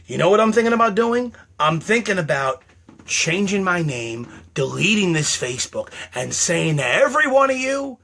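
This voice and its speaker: A man's voice: high voice, big pitch swings, normal speed, vocal fry, sharp tone, breathy edge. A man, a comedian, in a comic rant to camera, mock-indignant and exaggerated, repeating phrases over and over.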